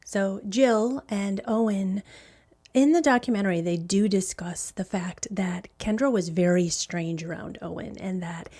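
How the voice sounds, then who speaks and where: A woman's voice: mid-range voice, a little slow, dark tone. Brief: middle-aged woman host, casual true-crime storytelling, blunt and outspoken. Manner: blunt, indignant, swears freely. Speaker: podcast host.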